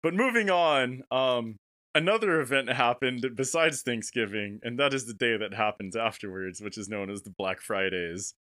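A man's voice: mid-range voice, normal speed, sharp tone. A man co-hosting a comedy podcast, telling crude, laughing stories in casual chat. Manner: crude, laughing storyteller who retells scenes. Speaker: podcast co-host.

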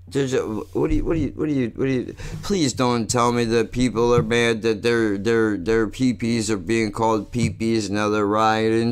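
A man's voice: fairly low pitch, smooth. A man ranting casually and rambling, swearing a lot and saying "dude" all the time. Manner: profane, rambling, says "dude" constantly.

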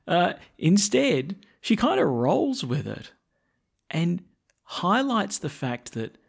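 A man's voice: mid-range voice, big pitch swings, slow, vocal fry. A man giving a homily as a priest, in a loose, conversational way with frequent fillers.

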